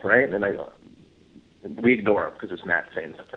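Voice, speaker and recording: A man, a guest researcher, telling a field story in a casual interview, full of fillers, acting out other people's lines in a high voice. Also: a little fast. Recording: tinny phone line.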